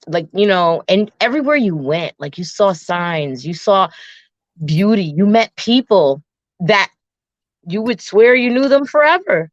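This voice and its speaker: A woman casually telling a personal travel story, animated, often restarting and acting out her own and her friend's words. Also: medium pitch, measured pace, dry recording. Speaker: guest storyteller. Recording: dull, dry lo-fi sound.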